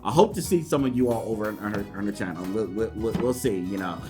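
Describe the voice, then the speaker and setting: A man vlogging an unboxing in an excited, casual way, laughing often and jumping high in pitch when thrilled. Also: fast talker, over music. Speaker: YouTube vlogger.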